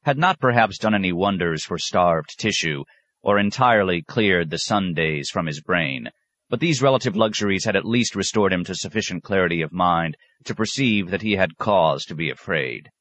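Man, audiobook narration, very deep voice, dry close sound, measured reading. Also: lively intonation, fairly bright tone, no echo. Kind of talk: scripted narration.

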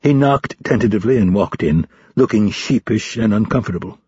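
A husky, breathy male narrator reads a novel in a measured, even first-person delivery. His voice sits on the low side, captured close and dry. The recording is dull and lo-fi. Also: dry recording. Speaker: audiobook narrator.

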